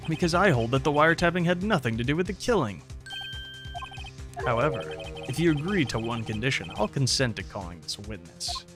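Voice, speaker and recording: A man's voice: medium pitch, big pitch swings, fairly quick, over music, natural voice. A man voicing a smug, cold male prosecutor in a courtroom game, with clipped, haughty delivery. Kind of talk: reading a game's dialogue aloud.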